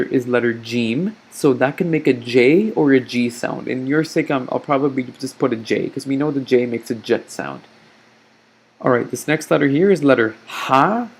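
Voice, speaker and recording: A man teaching a recorded lesson over slides, patient and slow, often checking in with "okay?". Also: mid-range voice, gravelly. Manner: patient, explains slowly, frequent "okay?" check-ins.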